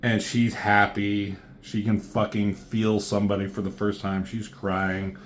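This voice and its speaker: A man's voice: lowish voice, flat delivery, unhurried, slight background noise. A man recapping a comic book in a casual, sarcastic way, full of profane asides.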